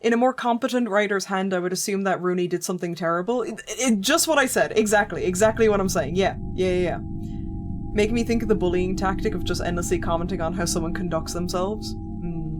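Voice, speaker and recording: Woman streamer ranting about a game, lots of swearing, game music playing loud behind. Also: mid-range voice, a little fast. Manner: profane, sarcastic griping. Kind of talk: let's play commentary.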